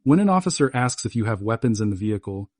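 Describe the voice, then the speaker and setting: A man narrates a scripted explainer in firm, clipped sentences. His voice is husky and his pitch moves a lot. The recording is dry and close, with no room sound. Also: big pitch swings, quick pace, darkish tone, no room sound. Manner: firm, instructive, short punchy sentences.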